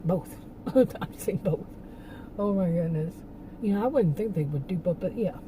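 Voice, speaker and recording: A woman talks loosely and at length, her sentences breaking off and restarting as she laughs between thoughts. Her voice is very dark and mellow. A faint hum sits under the recording. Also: fairly low pitch, expressive, normal speed, poor audio. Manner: rambling, with frequent laughs and restarts. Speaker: channel host. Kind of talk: casual opinion monologue.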